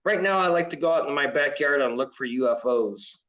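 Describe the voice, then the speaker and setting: A man joking deadpan as co-host on a casual live stream, swearing at times. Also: fairly high pitch, fairly quick. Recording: dull lo-fi stream audio.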